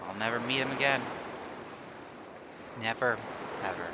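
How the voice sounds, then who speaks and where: A man reading aloud as a young sea witch girl who blames herself, in a quiet, low, halting lament. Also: very noisy, lightly acted. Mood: sorrowful. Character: young sea witch girl, grief-stricken and self-blaming. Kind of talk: reading game dialogue aloud. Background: game music.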